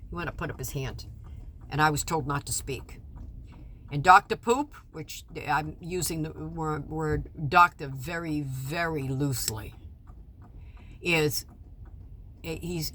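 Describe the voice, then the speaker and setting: Tense, halting woman recounting a court ordeal. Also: low-pitched, slight background noise. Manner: halting, with many restarts and stammered repeats; swings between loud indignation and quiet apology. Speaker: mother recounting a custody case. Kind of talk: personal testimony.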